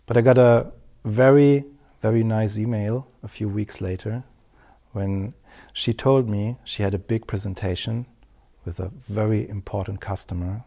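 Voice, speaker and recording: A middle-aged man, teaching a public speaking lesson in an earnest, measured storytelling way. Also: on the low side, vocal fry, warm tone. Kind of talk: scripted lesson to camera.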